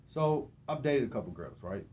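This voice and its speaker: A man's voice: mid-range voice, big pitch swings, moderate pace, darkish tone. A man hosting a casual podcast interview, asking easygoing questions and prompting his guest to go on. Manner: prompting, laid-back questions. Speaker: podcast host. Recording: dull lo-fi audio with faint noise.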